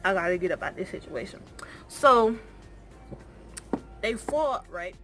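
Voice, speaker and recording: A woman's voice: measured pace, soft background music. A young woman, telling a story casually and acting out the dialogue. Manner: animated, acts out dialogue with rising pitch.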